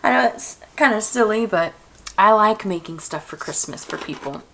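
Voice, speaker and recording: A woman's voice: mid-range voice, expressive, moderate pace, gravelly, bright, forceful tone, slight background noise, poor audio. A young woman from Georgia, chatting in a rambling way while she works on a craft project. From Georgia, USA. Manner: rambling, chatty, many fillers and restarts. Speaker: craft vlogger. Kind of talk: casual chat while crafting.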